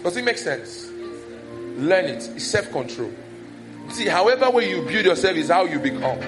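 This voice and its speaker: Over music, a pastor with a Nigerian accent delivers a sermon in a high-pitched voice at normal speed. He's animated, raising his voice as he acts out scolding and village gossip.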